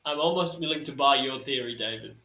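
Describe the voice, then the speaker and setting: A man's voice: medium pitch, fairly quick, a little hiss or hum. A man on a panel giving rambling, hesitant opinions in a casual chat. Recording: dull, roomy lo-fi audio.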